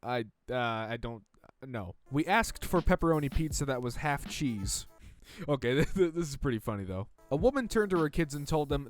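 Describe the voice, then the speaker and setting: A man's voice: mid-range voice, normal speed, faint music behind. Sarcastic man reading stories aloud. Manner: sarcastic, deadpan debunking. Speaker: reader and commentator.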